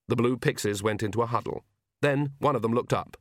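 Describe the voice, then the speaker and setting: A man narrating an audiobook in a wry, measured storytelling way. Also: mid-range voice, no room sound, studio quality.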